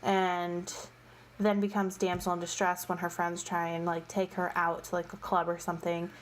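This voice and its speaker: A book reviewer casually retells a book series in a rambling, gossipy, exasperated way, sprinkling in fillers like "like" and "you know." Her voice is on the low side with little pitch movement, at a moderate pace, over a slight hiss or hum.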